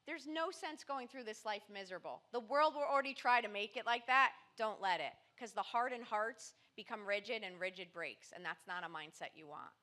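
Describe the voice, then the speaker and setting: Woman mindset coach, podcast guest; bright, forceful voice, emphatic and motivational. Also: medium pitch, fairly quick, few pauses. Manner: emphatic, motivational, punchy delivery. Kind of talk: podcast interview.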